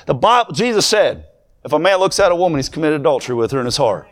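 Fervent young preacher, high voice. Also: male voice, big pitch swings, fast. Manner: builds from conversational to shouted, fervent preaching. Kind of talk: sermon.

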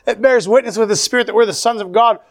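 A man's voice: sits high, quick pace. A man preaching a fervent sermon to a congregation, calling out amen and praise the Lord.

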